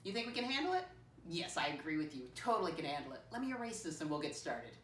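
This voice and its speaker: A woman's voice: low-pitched, very animated, fairly bright tone, distant mic, a little hiss or hum. Teacher, female: patient first-grade math lesson, call-and-response style, recorded from afar in an echoey room. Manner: patient call-and-response teaching, slowly spelling out words letter by letter; keeps addressing children as "my friends". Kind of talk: classroom math lesson for young children.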